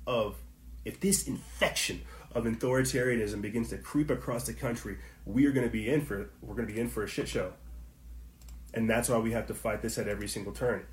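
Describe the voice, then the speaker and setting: A man's voice: lowish voice, echoey room, slight background noise. A man hosting a passionate commentary stream, firing off rhetorical questions and talking to his viewers in slangy asides. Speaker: online commentary host. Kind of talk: impassioned livestream commentary.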